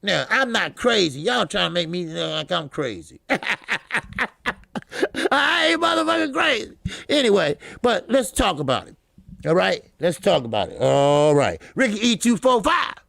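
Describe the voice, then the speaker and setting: A man hosting a live boxing talk stream, loud and profane, laughing often and calling out greetings to chatters. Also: on the high side, big pitch swings, moderate pace, gravelly, dry recording, studio quality. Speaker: boxing talk show host.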